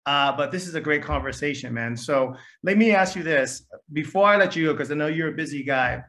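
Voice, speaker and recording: Bright-voiced, encouraging male podcast host. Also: a little high, expressive, fairly quick. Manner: affirming, encouraging interviewer. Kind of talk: casual interview conversation.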